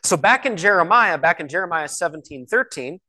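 A man preaching a sermon in a conversational way, asking rhetorical questions and slowing down to stress key words. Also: on the high side, expressive, pushed and bright. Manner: slows and stresses key words when reading scripture.

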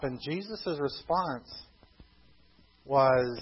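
A man preaching a sermon, emphatic, slowing down for scripture quotes and dropping low for quiet asides. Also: slightly rough, muffled recording. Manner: emphatic, slows for quotations, drops to quiet asides. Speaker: pastor.

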